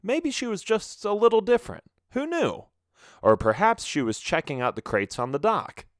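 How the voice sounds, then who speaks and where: A man narrating a children's audiobook with expressive storytelling. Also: sits high, moderate pace, no echo, clean studio sound.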